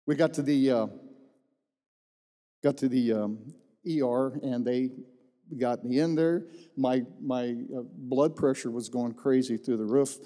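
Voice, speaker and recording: A man's voice: medium pitch, steady tone, measured pace, mellow. A middle-aged man, a pastor, giving his personal testimony as a folksy storyteller who repeats phrases for emphasis. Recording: long reverb in a large hall.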